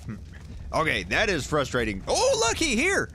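A man giving jokey, animated commentary while playing a survival game and talking to the creatures in it. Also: a little high, normal speed, slight background noise. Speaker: gaming YouTuber. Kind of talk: playthrough commentary.

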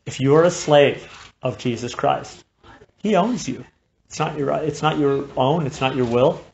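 A man preaching a sermon in an impassioned way, moving from hushed, quiet stretches to loud, fervent passages. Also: medium pitch, normal speed, creaky. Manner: impassioned, swings from hushed to shouting. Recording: dull lo-fi recording with faint noise.

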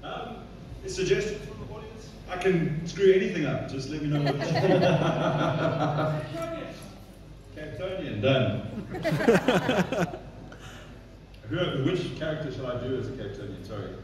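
A man's voice: a little high, sing-song, slow, pauses often, noisy background. A man bantering with self-mocking jokes on a live panel. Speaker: voice actor on a panel. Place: large convention hall. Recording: echoey hall from far off, crowd. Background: crowd murmur.

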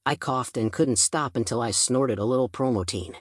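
A man's voice: mid-range voice, normal speed, no echo, clean studio sound. A man reading a first-person audiobook, telling the story in a casual, chatty teenage manner. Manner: casual teen-style storytelling. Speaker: audiobook narrator.

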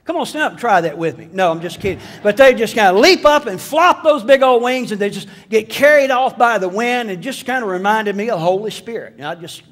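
A high-pitched middle-aged man delivers a sermon. He tells homespun stories and cracks jokes along the way. His voice carries a long reverb, as if filling a church sanctuary. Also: lively intonation, fairly quick, few pauses, fairly bright tone. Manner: folksy storytelling with jokes and voiced asides. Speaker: pastor.

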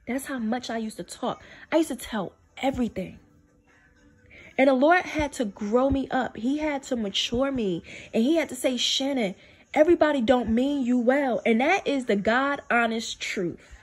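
Woman, spiritual testimony, emphatic, repeats herself for weight, fairly high voice. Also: normal speed, slightly rough. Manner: emphatic, repeats phrases for stress; drops low and soft to quote God. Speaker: faith video speaker.

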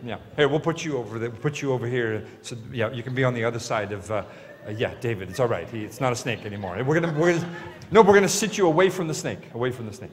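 With a mid-range voice and quick delivery, a man hosting a stage comedy hypnosis show in a large hall banters teasingly with his volunteers. The recording carries a loud crowd in the big hall.

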